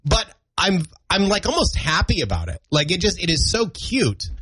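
A male morning radio host talking in a loose, self-deprecating way, his husky voice swinging widely in pitch. He sounds a little congested from allergies. The sound is dry and close on a studio mic. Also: moderate pace, dry recording. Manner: chatty, self-deprecating, animated storytelling. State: congested from allergies, clearing throat. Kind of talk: casual on-air banter. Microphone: studio broadcast mic.

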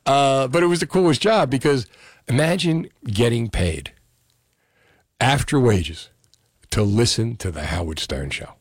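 A man's voice: mid-range voice, animated, unhurried, no room sound, clean studio sound. A middle-aged man with a New Jersey accent, a radio host telling stories in a casual, chatty way with many fillers.

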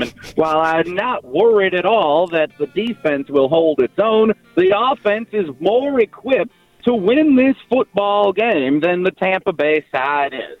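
A man's voice: medium pitch, dry recording, lightly acted. A man playing a nerdy defense lawyer with a put-on Southern drawl, pleading in mock-formal courtroom style on the radio. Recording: dull radio sound, music faint behind.

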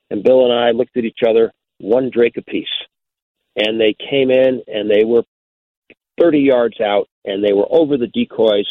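An older man, a radio outdoors host, telling a hunting story in a folksy way, often repeating words as he searches for them. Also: medium pitch. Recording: tinny phone-like dry sound.

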